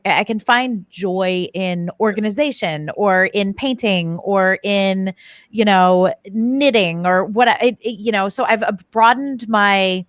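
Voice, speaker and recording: A woman's voice: mid-range voice, a bit bright, no room sound, studio quality. A woman guest on a parenting podcast, chatting enthusiastically. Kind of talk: casual chat.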